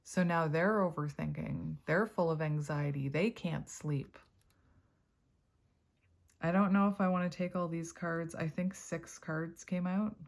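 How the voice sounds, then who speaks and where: A tarot reader with a somewhat low voice and some vocal fry gives a casual reading directly to her viewers. Speaking a little slowly in a steady tone, she chats freely, thinks out loud, and laughs often while turning the cards.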